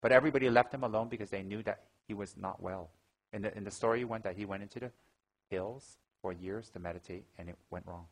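A man with a fairly low voice gives a dharma talk at a quick clip. He moves between teaching and lively anecdotes, acting out gasps and the lines of people in his stories. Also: low-quality recording. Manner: animated storyteller, acts out gasps and quotes. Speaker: Buddhist teacher.

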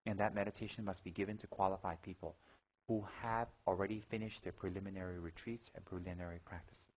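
A man with a fairly low voice gives a dharma talk at a quick clip. He moves between teaching and lively anecdotes, acting out gasps and the lines of people in his stories. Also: low-quality recording. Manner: animated storyteller, acts out gasps and quotes. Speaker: Buddhist teacher.

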